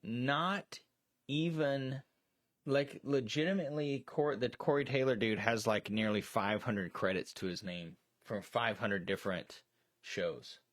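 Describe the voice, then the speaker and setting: A man's voice: medium pitch, measured pace, no echo, studio quality. A man co-hosting a casual movie chat on a live stream, rambling with many restarts and fillers. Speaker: co-host. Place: storage shed.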